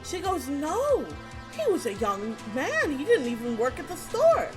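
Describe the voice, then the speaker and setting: A young woman recounts a chaotic day in a casual storytime, her high voice leaping wide as she laughs and swears. She slips into quick impressions of the people she met. A faint bed of music sits under her talk. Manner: animated, laughing, swearing freely, acts out quotes.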